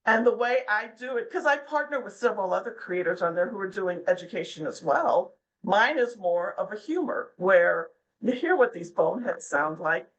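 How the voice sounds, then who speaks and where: A woman's voice: mid-range voice, lively intonation, moderate pace, few pauses, slight background noise, poor audio. A middle-aged woman, a podcast guest, chatting casually and telling stories, often slipping into the voices of the people she quotes. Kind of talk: casual interview chat.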